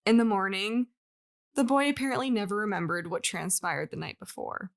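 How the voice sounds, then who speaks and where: A woman's voice: medium pitch, animated, fairly quick, vocal fry. A woman co-hosting a podcast, telling a story in casual chat with frequent laughs and fillers. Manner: chatty, laughs often, many likes. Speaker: podcast co-host.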